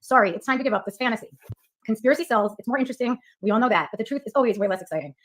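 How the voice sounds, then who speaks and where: A woman's voice: fairly high pitch, lively intonation, rapid-fire. A woman reading scripted commentary in a firm, argumentative way, posing rhetorical questions.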